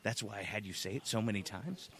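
A man playing a manic clown king wrestler who giggles, shouts and drops into hushed mutters. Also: lowish voice, quick pace, slight background noise, close to an everyday voice. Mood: muttering. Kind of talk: wrestling promo interview.

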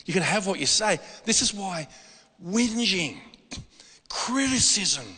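A man preaching a sermon, animated and emphatic, repeating words for stress. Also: high-pitched, slow pace, husky. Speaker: pastor. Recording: hall reverb.

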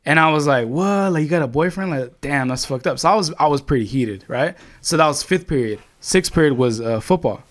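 A man's voice: a little high, expressive, fairly quick, few pauses. Young man telling a rambling story. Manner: rambling, swearing, lots of "like" and "right?". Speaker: storyteller among friends. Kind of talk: casual chat.

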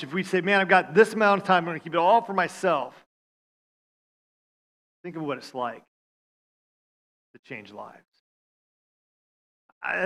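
A man preaching a sermon, stammering on restarts and swinging from loud appeals to hushed lines. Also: high voice. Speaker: pastor.

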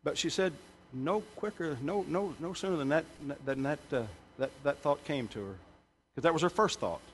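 With a voice on the high side and lively intonation, a male pastor preaches at a moderate pace in a church sanctuary, over slight background noise. His emphatic sermon includes joking asides, and he gets louder on scripture and punchlines.

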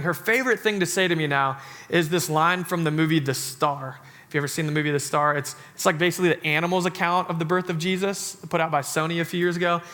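A man's voice: a little high, sharp tone. A man in his thirties preaching to a church congregation, casual and joking, with many "like" fillers before turning to a sermon. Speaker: pastor. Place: church sanctuary.

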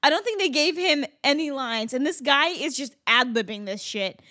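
A woman's voice: sits high, moderate pace. A woman co-hosting a podcast, chatting casually with lots of laughter and swearing. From raised in the US by a Persian mother. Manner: laughing, swearing, animated banter. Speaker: podcast co-host. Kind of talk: casual chat.

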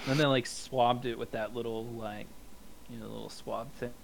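A man's voice: mid-range voice, level tone, normal speed, gravelly, low-quality recording. A man from Canada chatting casually on a podcast, laid-back and chuckling as he tells anecdotes. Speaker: podcast co-host. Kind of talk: casual chat.

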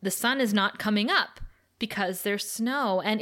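A woman talking casually on a podcast, recapping a TV episode with lively energy. She reads the characters' lines aloud as she goes and breaks into laughs now and then. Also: mid-range voice, measured pace. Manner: animated, retells scenes by reading quotes aloud, laughs often. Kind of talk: casual chat, reading out scene dialogue.

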